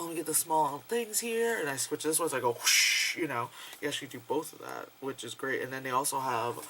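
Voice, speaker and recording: A man chatting casually in a vlog, rambling and excitable, full of fillers and swearing. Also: medium pitch, a little hiss or hum, low-quality recording. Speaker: vlogger.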